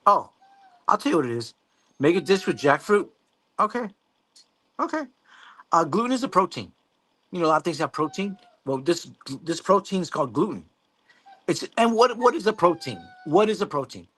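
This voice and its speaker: A man's voice: high-pitched, big pitch swings, moderate pace, long pauses, fairly bright tone, slightly rough. Rambling man chatting on a livestream. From Mexico. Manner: rambling, swears casually, laughs often. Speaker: livestream host. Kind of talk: casual livestream chat reading viewer comments.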